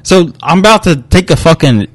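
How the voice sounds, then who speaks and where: A man's voice: on the high side, normal speed, no echo. Heated, cursing young man. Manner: profane, heated, animated retelling. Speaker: podcast co-host. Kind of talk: casual chat, storytelling a complaint.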